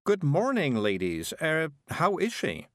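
A man's voice: a little high, wildly swooping pitch, a little slow, no room sound, studio quality, voice pushed up, exaggerated voice. A man reading an audiobook, voicing a frail, fussy woman who sounds weak and fretful.

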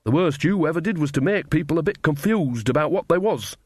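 A folksy, gossipy old witch woman, coarse and cheerful, pitched high above the reader's own voice, as a male narrator does her. The sound is dry and close. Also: expressive, fairly quick, breathy edge, no echo. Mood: teasing. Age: over 60.

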